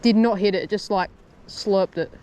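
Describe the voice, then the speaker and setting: A young Australian man casually commenting as he fishes outdoors from the shore, laid-back with excitable bursts and slang. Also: high-pitched, normal speed. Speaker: fishing vlogger. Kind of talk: casual commentary while fishing.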